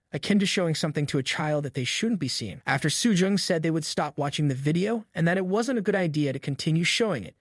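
A man narrating a story recap in an even, steady third-person retelling. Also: fairly high pitch, no room sound, clean studio sound.

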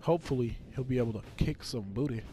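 A man giving casual live commentary over his own gameplay, trash-talking in a profane, excitable way with sudden yells. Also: medium pitch, fast, faint music behind.

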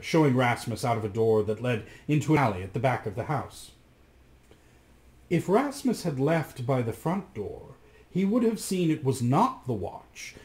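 A man reading a fairy tale aloud as a storyteller, with expressive, dramatic delivery. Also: mid-range voice.

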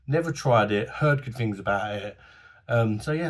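A man with a husky voice, casually reviewing a beer to camera in a chatty, enthusiastic, slangy way, his voice going a bit hoarse. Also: mid-range voice, expressive, normal speed. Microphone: phone camera.

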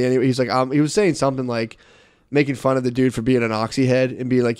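A man's voice: medium pitch, level tone, brisk, a little mellow, clear, resonant tone, no echo, clean studio sound. A man co-hosting a podcast, telling rambling, profane stories in casual chat and often laughing as he talks. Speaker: podcast co-host.

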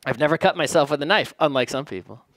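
A man's voice: on the high side, fast, fairly bright tone. A man casually narrating his home cooking in a kitchen, rambling and joking at his own expense. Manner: joking, rambling, self-deprecating. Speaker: home cook vlogger.

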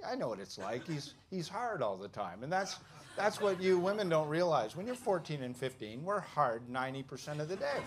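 A Canadian stand-up comedian in his fifties telling stories with lots of swearing and quick asides to the audience. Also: medium pitch. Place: comedy club stage with audience. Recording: noisy club recording. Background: audience laughter and room noise.

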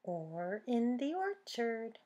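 Slow, sing-song children's librarian. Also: female voice, a little high, very animated, dark tone, dull audio. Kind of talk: children's storytime reading.

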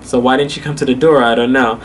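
A man's voice: mid-range voice, fairly even intonation, fast talker, slight background noise. A young man vlogging casually, telling a story with lots of fillers and frequent laughter.

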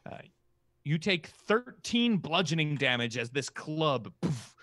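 A man's voice: a little high, sing-song, takes it slowly, fairly bright tone, dry recording, clean studio sound. A man running a tabletop game as game master, narrating the action casually with many fillers.

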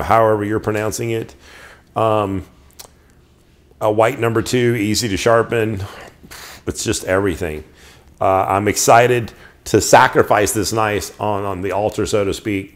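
A middle-aged man casually showing off his knives, enthusiastic and rambling, often restarting his sentences. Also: on the low side. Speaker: knife collector reviewing knives. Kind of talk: casual show-and-tell.

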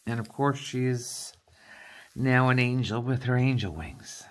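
A woman's voice: extremely low pitch, measured pace. A middle-aged woman vlogging a craft kit unboxing, explaining each item in a chatty, step-by-step way. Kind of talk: casual unboxing chat.

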